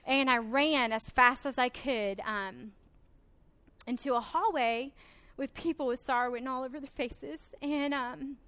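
A woman's voice: high voice, unhurried, a bit bright, clear, resonant tone. A young woman giving an earnest, emotional personal testimony at a conference, with frequent hesitations. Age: 20s. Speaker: conference speaker.

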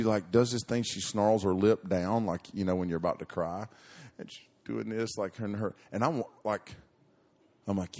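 A man's voice: on the low side, steady tone, normal speed, a little mellow. A middle-aged man preaching to young people, telling a story in a folksy, rambling way with many restarts and fillers.

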